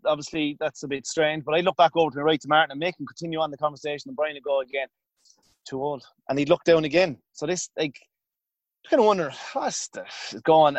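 Irish former keeper, casual storyteller, slightly high and dry. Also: male voice, dry recording, lo-fi sound. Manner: rambling anecdotal delivery with many restarts. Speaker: former hurling goalkeeper guest.

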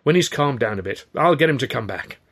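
A man's voice: mid-range voice, animated, a little fast, fairly bright tone, slightly rough, pitched above the performer's own voice. A man voicing an eager, anxious male comic performer with a fussy, eager-to-please manner. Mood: flustered.

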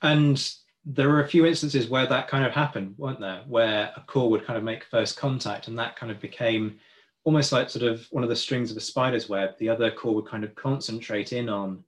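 Podcast host asking questions. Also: male voice, medium pitch, brisk. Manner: conversational, questioning, self-correcting. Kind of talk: podcast interview.

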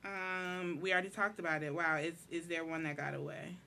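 A woman's voice: deep voice, fairly even intonation, fairly quick, creaky, a crowd in the background. A woman hosting a podcast in casual chat, giggly and chatty with frequent hesitations. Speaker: podcast host.

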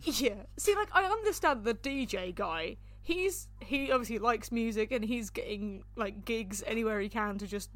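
A woman's voice: a little high, lively intonation, normal speed, few pauses, fairly bright tone. A woman co-hosting a casual chat, rambling and laughing often. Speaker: podcast co-host.

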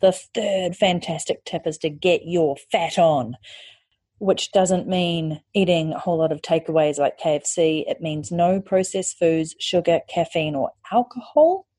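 A woman's voice: lowish voice, steady tone, measured pace, dark tone, dry recording. A woman hosting a podcast, giving candid advice in a chatty way that includes casual swearing. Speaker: podcast host and online course creator.

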